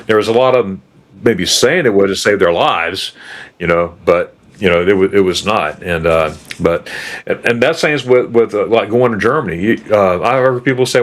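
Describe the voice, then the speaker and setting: A middle-aged man in his fifties, from the States, chats casually as the host of a travel program. His voice sits on the lower side, and he rambles from story to story, often stumbling and restarting his sentences. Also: expressive, normal speed. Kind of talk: casual chat.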